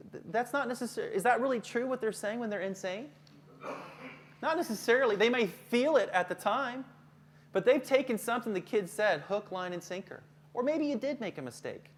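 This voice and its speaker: A middle-aged man leading a live workshop for teachers, joking and conversational, often putting questions to the audience. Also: sits high. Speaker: counselor giving a workshop to teachers.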